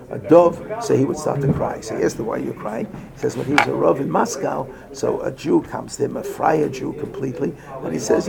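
A man's voice: medium pitch, gravelly. A man giving a Torah lecture to a group, telling stories and mixing in Hebrew and Yiddish terms. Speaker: rabbi giving a Torah class. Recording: crowd heard behind.

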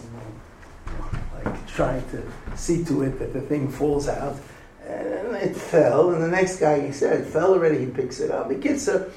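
A man's voice: mid-range voice, vocal fry, background noise. A man giving a folksy storytelling talk to a visiting group, sprinkled with Yiddish and Hebrew words. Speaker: rabbi speaking to a visiting group.

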